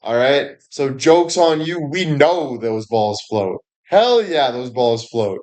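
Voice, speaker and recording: A man's voice: mid-range voice, lively intonation, takes it slowly, darkish tone. Profane rambling man on a livestream. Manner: profane, rambling, laughs often, fillers like "you know". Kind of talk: crude comedic monologue on a livestream.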